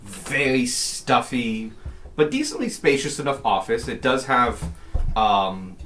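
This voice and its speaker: A man's voice: mid-range voice, sing-song, slow pace, fairly bright tone, a little hiss or hum. A man narrating a tabletop game as game master, rambling with lots of fillers.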